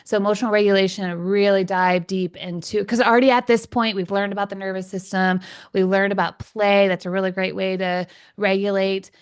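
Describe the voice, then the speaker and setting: A woman's voice: medium pitch, a little fast, clean tone. Enthusiastic woman parenting coach. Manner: enthusiastic, animated, laughs often. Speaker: parenting coach and podcast host. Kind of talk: conversational interview.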